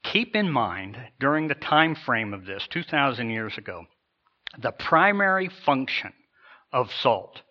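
A man's voice: mid-range voice, very animated, measured pace, muffled recording. A man preaching a sermon as a pastor, in a conversational style with asides and repeated words.

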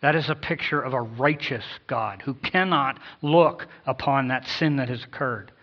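A male pastor preaching a sermon in an emphatic way, with sudden swells in loudness. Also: medium pitch, normal speed. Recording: dull lo-fi sound.

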